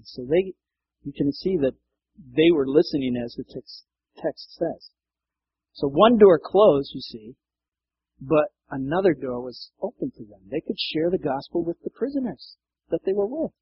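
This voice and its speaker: A man's voice: on the high side, very animated, measured pace, long pauses, husky, muffled recording. A man preaching a sermon in a conversational way, acting out quoted lines and laughing now and then. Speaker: pastor.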